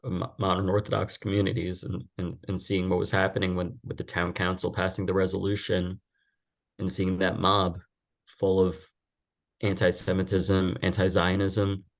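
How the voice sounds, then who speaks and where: A man on a podcast speaking in a halting, emotional way, with frequent restarts. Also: sits low, completely flat delivery. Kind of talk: conversational podcast talk.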